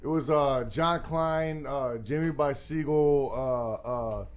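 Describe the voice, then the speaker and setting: A man's voice: on the high side, slow pace. A man joking and telling stories in a casual radio chat. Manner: joking, animated storyteller. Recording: dull lo-fi radio recording.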